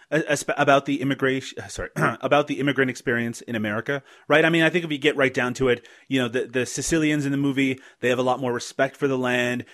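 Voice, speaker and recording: A male podcast host with a mid-range, slightly bright voice leads a casual film-review chat. He's analytical, building his arguments with some hesitation.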